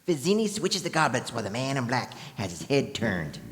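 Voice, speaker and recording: A woman's voice: extremely low pitch, very animated, a little fast, slight background noise. A woman narrating a live stage reading, reading out the stage directions plainly. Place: convention stage. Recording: reverberant hall with audience.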